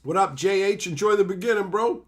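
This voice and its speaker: A Canadian man streams to his chat with a high, slightly fast voice, ranting casually and sarcastically. He swears a lot and mocks other people by putting on their voices, and there's a little hiss or hum in the audio.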